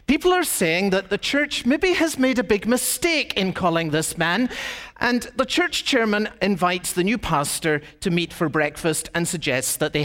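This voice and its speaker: Man preaching in church, really animated pitch, long echo trailing off, slows down for big points. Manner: storytelling preacher, rhetorical questions, emphatic slowed phrases. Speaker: pastor. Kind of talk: sermon.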